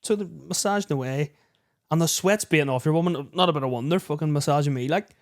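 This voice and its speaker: A man co-hosting a casual podcast, spinning a comic story with a slightly high-pitched voice. He swears freely, laughs through his own punchlines and slips into the voices of the people in his tale. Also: fast talker. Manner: animated anecdote-telling, heavy swearing, laughs mid-story, acts out others' lines. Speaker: podcast co-host.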